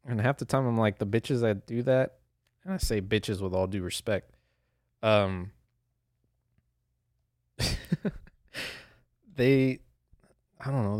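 A man's voice: fairly low pitch, no room sound, studio quality. Profane, rambling young man on a podcast. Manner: profane, rambling, laughs at himself. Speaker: podcast host. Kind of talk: solo casual podcast rant.

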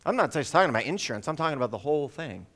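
A middle-aged male preacher with a high voice that swoops up and down as he tells a story from the pulpit. He acts out conversations in several voices and keeps asking the congregation questions. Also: very fast. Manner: animated, acts out dialogue in quoted voices; asks the audience rhetorical questions. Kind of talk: storytelling sermon. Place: church worship service.

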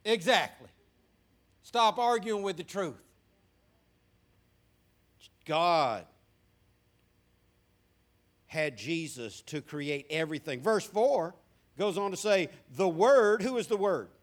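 A man's voice: high voice, lively intonation, slow, long pauses. A male pastor preaching a sermon in a church, asking the congregation questions and repeating words for emphasis. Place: church sanctuary.

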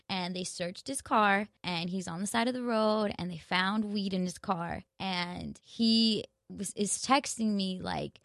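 A woman's voice: mid-range voice, unhurried, few pauses, dry recording, studio quality. A woman telling a story in a casual monologue, blunt and swearing a lot as she retells an argument.

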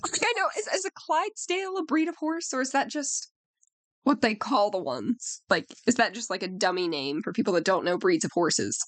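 A woman's voice: medium pitch, lively intonation, moderate pace, dry recording. A woman co-hosting a podcast, throwing in jokey asides and laughing. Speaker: podcast co-host. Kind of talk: casual chat.

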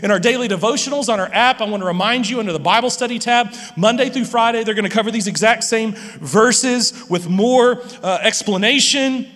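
A man's voice: high-pitched, fairly quick, fairly bright tone. A man preaching a sermon as pastor, playful and talking straight to his audience. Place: large church hall. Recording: long hall reverb.

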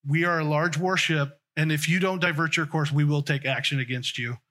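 A man's voice: on the high side, fairly even intonation, fairly quick, sharp tone. A man playing a proud, bossy navy captain. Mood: irritated. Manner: insistent, commanding.

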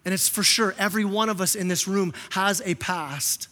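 A man preaching a sermon as pastor, impassioned, often repeating words and acting out quotes in a softer voice. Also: sits high, fairly even intonation, moderate pace. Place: church sanctuary. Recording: long reverb of a church hall.

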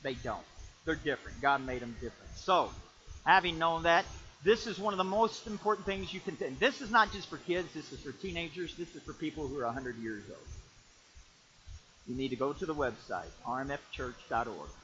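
A male pastor preaching a sermon emphatically, rising to shouts and calling for amens. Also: fairly high pitch, expressive, fairly quick, dull audio, a little hiss or hum. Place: church.

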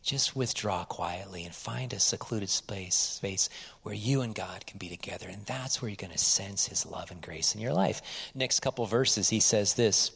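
A male pastor giving a lively, conversational sermon, often dropping to quiet asides. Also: fairly low pitch, normal speed, creaky, breathy edge, in a large hall.

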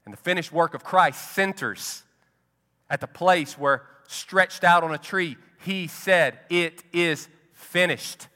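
Male pastor, sermon, slow emphatic delivery, high voice, long church reverb. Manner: slow, emphatic preaching with dramatic drops to quiet.

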